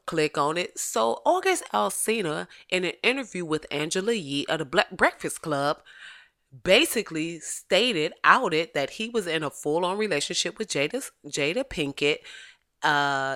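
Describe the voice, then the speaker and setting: A woman hosting a podcast, chatting casually about celebrity gossip in an animated, profane, joking way and laughing often. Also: fairly low pitch, a little slow. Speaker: podcast host.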